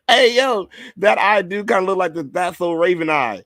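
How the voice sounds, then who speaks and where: A man's voice: on the high side, very animated, normal speed, a bit bright, no room sound. A man hosting a podcast in casual review chat, rambling and cursing, laughing and reading viewer comments aloud. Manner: rambling, profane, repeats himself. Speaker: podcast host.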